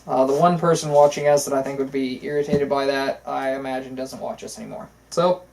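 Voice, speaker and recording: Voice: mid-range voice, steady tone, fairly quick, gravelly, darkish tone, low-quality recording. Casting: talk co-host, casual political chat, opinionated, long rambling runs, filler-heavy. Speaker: podcast co-host.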